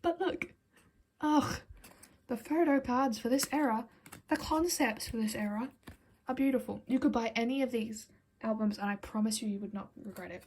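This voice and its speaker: A woman's voice: fairly high pitch, fairly quick, a little mellow, slight background noise, poor audio. A woman chatting casually to camera as a vlogger, giggly and rambling, often slipping into whispered asides and little apologies. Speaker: vlogger reviewing album collection.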